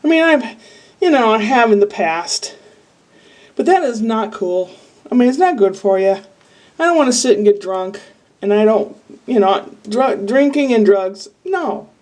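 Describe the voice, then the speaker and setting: A woman's voice: a little high, animated, a little slow, darkish tone. A woman from Iowa talking to camera in a casual, rambling, candid diary-style monologue full of asides. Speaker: vlogger. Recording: voice a bit far from the mic.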